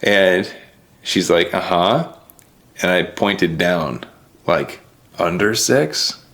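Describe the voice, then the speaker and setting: Man, gravelly low voice, earnest emotional race recap, heartfelt vlog. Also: drawn-out words, fairly bright tone. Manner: earnest, heartfelt, voice choking up at times. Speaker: vlogger.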